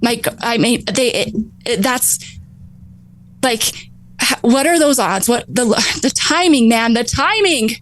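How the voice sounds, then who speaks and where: A woman in her thirties telling her own recovery story on a talk show, animated, laughing often and acting out her past thoughts. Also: fairly high pitch, measured pace, low-quality recording. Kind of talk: emotional personal storytelling.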